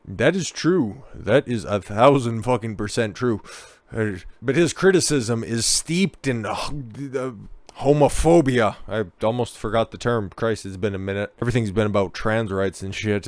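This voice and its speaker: A man hosts a commentary show, reading news items and cutting in with crude, mocking asides. His voice sits on the low side and stays smooth and clear. The recording is dry and close, with no room sound. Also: dry recording. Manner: profane, sarcastic, ranting.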